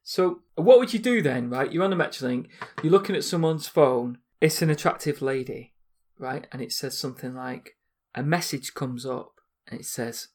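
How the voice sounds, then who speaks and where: A man's voice: mid-range voice, a little mellow. Guy telling a long story in a casual chat, cheeky and laughing a lot. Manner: teasing, storytelling, quick to laugh.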